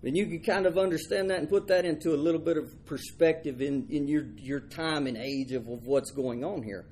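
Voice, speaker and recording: A man's voice: fairly high pitch, brisk, darkish tone, breathy edge. A man preaching a folksy sermon. He stumbles over and repeats his words and acts out the people in the story.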